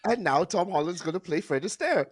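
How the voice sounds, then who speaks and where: A man in casual podcast chat, telling anecdotes in a relaxed way and swearing freely. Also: sits high, fairly quick, husky, no echo.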